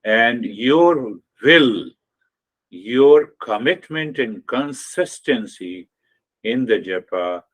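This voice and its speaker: A male spiritual teacher speaks slowly and deliberately at an ordinary pitch. He explains his points patiently and often repeats key phrases for emphasis. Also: expressive. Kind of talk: spiritual talk on meditation.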